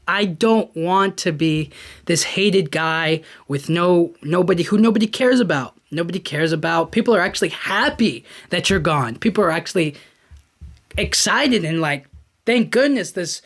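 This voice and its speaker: A man's voice: high voice, lively intonation, unhurried, a bit bright, full character voice. A man doing a shaken old miser, pleading. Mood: distraught. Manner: pleading, questioning.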